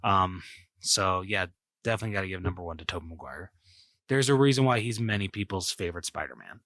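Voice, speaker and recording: A man's voice: low voice, lively intonation, quick pace, a bit bright, no room sound. A man co-hosting a podcast, talking casually about movies and rambling with lots of fillers and restarts. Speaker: podcast co-host.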